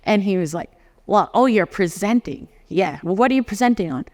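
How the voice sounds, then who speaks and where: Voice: medium pitch, fairly quick. A lawyer in their forties from Canada, giving a conference talk and acting out the dialogue in personal stories. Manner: animated storyteller who acts out dialogues and often laughs. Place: conference hall. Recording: long hall reverb.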